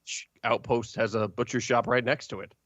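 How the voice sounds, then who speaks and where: A man narrating a tabletop game as game master, halting with many fillers. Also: mid-range voice, fairly even intonation, fairly bright tone, dry recording. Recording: dull lo-fi stream audio.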